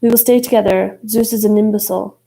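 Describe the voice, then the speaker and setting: A woman voicing a calm, defiant mother with an Italian accent. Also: mid-range voice, fast, gravelly, lightly acted.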